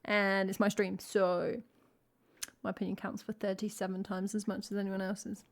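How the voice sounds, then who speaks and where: A woman's voice: mid-range voice, little pitch movement, moderate pace. A woman from England, a singer-songwriter chatting playfully with wry jokes between songs on her live stream. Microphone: headphones and stream mic.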